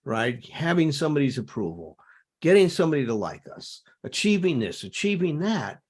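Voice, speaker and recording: A husky-voiced man hosting a discussion, explaining ideas in an emphatic, teacherly way. His pitch moves up and down a lot as he stresses his points. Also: big pitch swings, moderate pace. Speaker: host. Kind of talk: discussion of recovery topics.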